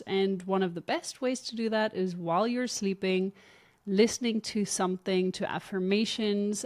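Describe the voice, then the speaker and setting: Podcast co-host, woman of middle pitch, earnest and instructive. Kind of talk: podcast explanation.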